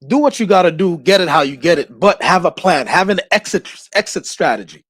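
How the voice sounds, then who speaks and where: Emphatic livestream host, higher male voice. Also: sing-song, fairly quick, husky. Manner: emphatic, preachy, repeats "okay?" often; restarts and stumbles, raises voice to a shout for emphasis. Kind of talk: casual commentary monologue.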